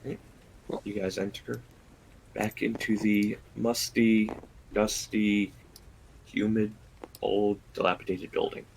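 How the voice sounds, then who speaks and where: Slow, low-voiced male dungeon master. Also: little pitch movement, vocal fry, slight background noise, rough recording. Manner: slow, deliberate descriptions with pauses. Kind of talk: narrating a tabletop game.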